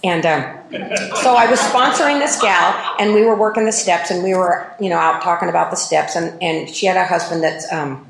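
A woman's voice: on the low side, fairly quick, vocal fry, roomy sound, a little hiss or hum, rough recording. A woman giving a candid personal testimony at a recovery meeting, often laughing at herself as she tells it.

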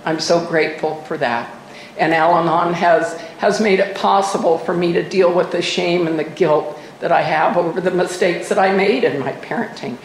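A woman's voice: lowish voice, normal speed, roomy sound, a little hiss or hum, low-quality recording. An older woman sharing her personal story at a recovery meeting, candid and self-mocking with wry humor. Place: meeting room. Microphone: microphone at a podium.

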